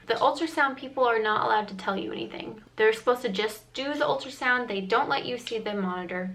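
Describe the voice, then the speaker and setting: A woman's voice: a little high, brisk, hardly any pauses, a bit bright, rough recording. A young adult woman vlogger telling a personal story in a chatty, earnest way, full of "like" fillers. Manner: earnest, emotional retelling with frequent "like" fillers.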